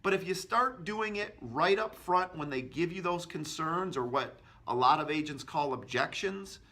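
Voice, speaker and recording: A man's voice: fairly high pitch, lively intonation, moderate pace, bright, forceful tone. A man giving a sales training tip, talking energetically and acting out short agent and customer exchanges. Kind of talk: instructional talk to camera.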